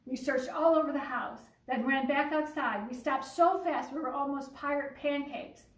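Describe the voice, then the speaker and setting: A woman who teaches young children, reading a picture book aloud with lively asides, then speaking to families. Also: high voice, moderate pace, far from the mic. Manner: warm, animated storytelling with asides. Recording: echoey room, voice away from the mic.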